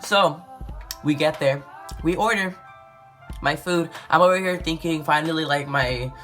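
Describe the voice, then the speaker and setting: A woman's voice: low-pitched, measured pace, faint music behind. A woman vlogging to camera, ranting in a rambling, exasperated way and saying "like" constantly. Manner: exasperated, rambling, says "like" a lot; swings between loud and muttered.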